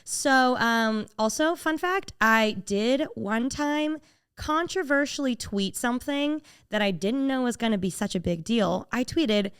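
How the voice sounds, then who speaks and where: A young woman tells a story on a podcast in a loose, chatty way, with plenty of "like" and "you know". Her voice sits a little high and leaps around as she acts out what other people said. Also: unhurried, clear, resonant tone. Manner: animated, quotes people in shifting voices, many "like" fillers. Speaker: podcast co-host. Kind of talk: casual storytelling chat.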